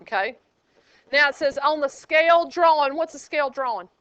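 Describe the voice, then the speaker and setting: A sassy woman teacher jokes with her class while walking through problems. Her voice sits high and sounds bright and smooth. The classroom recording is dull and lo-fi. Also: moderate pace, no echo. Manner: sassy, teasing and lively with students. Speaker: math teacher.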